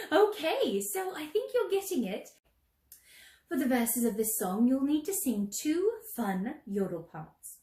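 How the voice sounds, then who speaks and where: A woman leading a children's sing-along, gently encouraging, singing show tunes and teaching yodels. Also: high voice, very animated, a little slow, echoey room.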